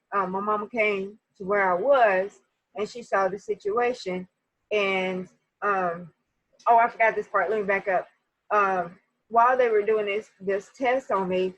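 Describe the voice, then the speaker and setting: A woman telling a personal story to her viewers in a casual, animated way, often speaking to them directly. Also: medium pitch, a little slow, dry recording, rough recording. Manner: animated, talks straight to viewers.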